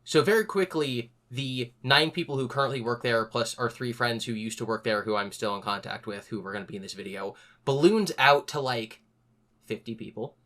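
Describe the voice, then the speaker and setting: A young man hosting a podcast, telling a story in a casual, animated way and acting out other people's lines. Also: medium pitch, normal speed. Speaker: podcast host.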